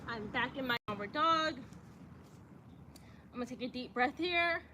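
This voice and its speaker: Woman yoga teacher, high bright voice, chatty and encouraging, outdoors with faint ambience. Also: expressive, moderate pace, noisy background. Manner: chatty, encouraging, says y'all a lot. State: out of breath at times. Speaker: yoga instructor. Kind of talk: guiding a yoga practice. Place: outdoors in the sun.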